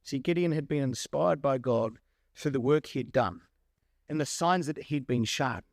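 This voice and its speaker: A male preacher giving a sermon, animated and full of rhetorical questions. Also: medium pitch, moderate pace, no room sound, clean studio sound.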